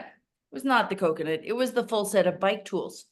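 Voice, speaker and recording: A woman's voice: medium pitch, brisk. A woman telling stories casually in a group chat, blunt and joking. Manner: lively storyteller, blunt and joking.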